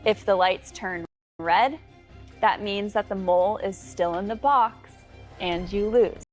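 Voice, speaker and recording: A woman hosting a game show, announcing the rules in a measured way. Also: medium pitch, soft background music.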